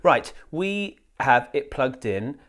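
A man's voice: medium pitch, sing-song, slow, fairly bright tone. A man presenting a casual unboxing demo for a shop, chatty and jokey, with asides to a colleague off camera. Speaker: retailer product demo presenter.

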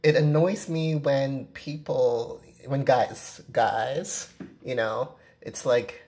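A woman's voice: very deep voice, fairly even intonation, slow, mellow. A woman vlogging from her apartment, talking straight to camera in a frank, rambling rant full of "you know" fillers. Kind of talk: casual vlog rant to camera. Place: own apartment, indoors. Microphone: camera at close range.

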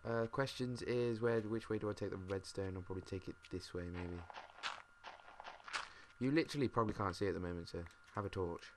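A British man mumbling and thinking out loud, swearing now and then as he plays a game. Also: fairly low pitch, a little fast. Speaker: gamer. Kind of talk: casual let's-play commentary. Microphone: desk mic. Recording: noisy home mic with mouse clicks.

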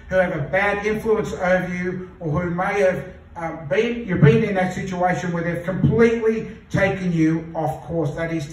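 Male pastor, earnest sermon delivery, high-pitched voice, heard from far off in a very echoey church hall. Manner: earnest, repeats phrases for emphasis, slows to read scripture.

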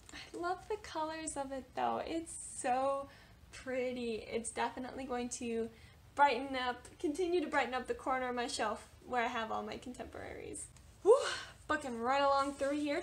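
A chatty young woman talks through her reading list to camera, her voice a touch higher than most. She sounds animated and full of filler words. A faint room hum sits behind her. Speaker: book vlogger. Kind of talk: casual book talk to camera.

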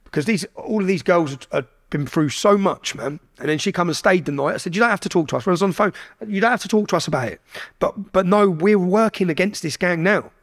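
With a high voice and quick pace, a man from England tells a story casually as a podcast guest. He swears a lot and animates the tale with quoted dialogue.

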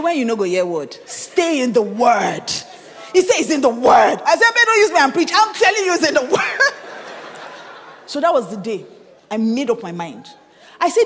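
A Nigerian woman pastor preaching with lively, swooping pitch. She tells her story with animation, slips into pidgin, and climbs to shouts. Her voice rings with the long reverb of a church hall. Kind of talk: sermon with personal testimony.

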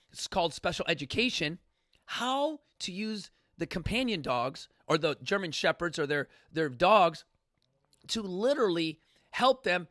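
Fired-up ranting man, bright and high. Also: dry recording, studio quality. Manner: fired-up, ranting, profane, many restarts. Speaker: podcast host. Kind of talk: impassioned casual talk.

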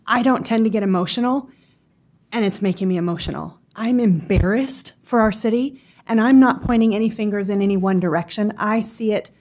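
A woman's voice: medium pitch, darkish tone. A woman in her thirties, a council candidate, giving an earnest, exasperated public comment at a city council meeting. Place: council chamber.

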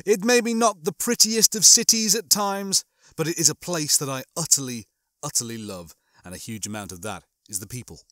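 A man reading a comic sci-fi novel aloud and chatting between chapters in an animated way. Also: fairly high pitch, brisk, no echo, clean studio sound. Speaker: audiobook reader.

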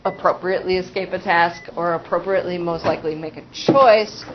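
A school psychologist presenting a parent training in a casual, conversational way, with frequent fillers and acted-out examples. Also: female voice, fairly low pitch, steady tone, brisk, noisy background. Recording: dull, muffled sound.

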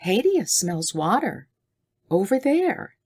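A woman reading an audiobook voices a frightened, dignified young jungle girl who speaks in high, breathless cries. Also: very animated, slow, a little mellow, slightly rough, full character voice.

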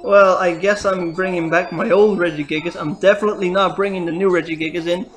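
A woman's voice: lowish voice, steady tone, a little fast, hardly any pauses. A woman commentating her own gameplay, swearing and crying out at every setback. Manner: cursing and crying out at the game. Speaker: let's player. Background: faint game music.

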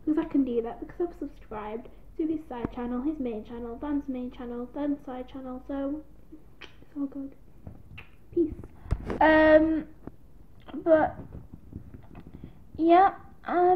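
A young woman vlogging in a rambling, self-deprecating casual chat to camera, recorded on a tablet. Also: high-pitched. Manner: giggly, self-deprecating, scattered. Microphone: tablet built-in mic. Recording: tinny lo-fi tablet audio with faint hiss.

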